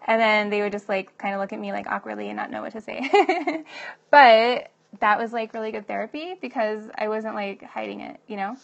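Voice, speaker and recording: A woman's voice: on the high side, fairly quick, vocal fry, highs cut off. A woman in her late twenties giving casual advice to young moms, chatty and laughing often, filling her talk with "like" and "you know". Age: 20s.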